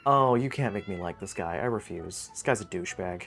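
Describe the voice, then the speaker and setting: A man streaming a video game live, reacting to scenes with blunt, quick asides. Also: deep voice, creaky.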